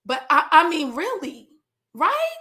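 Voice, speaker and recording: A woman who works as a trichologist, giving casual, animated business advice to other trichologists, with lots of slang, asides and jokes. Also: very high-pitched, takes it slowly. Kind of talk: casual educational talk.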